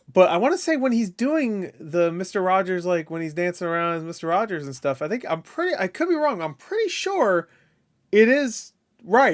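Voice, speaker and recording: A man hosting a reaction video, rambling and swearing as he comments on what he watches, laughing often. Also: a little high. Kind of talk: casual commentary over a video.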